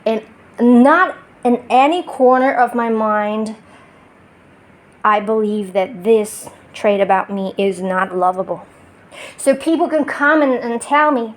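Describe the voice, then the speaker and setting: A woman's voice: on the high side, slow pace. A woman with a non-native English accent, sitting on her bed and talking to her phone in a reflective self-help monologue, often restarting and laughing at herself. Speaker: spiritual vlogger.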